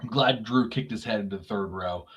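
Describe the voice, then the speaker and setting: A man's voice: lowish voice, brisk, fairly bright tone, breathy edge. A man co-hosting a podcast, ranting in a casual, profane way and mocking others in put-on voices. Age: young adult or middle-aged. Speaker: podcast co-host. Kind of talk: casual chat. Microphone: remote podcast mic.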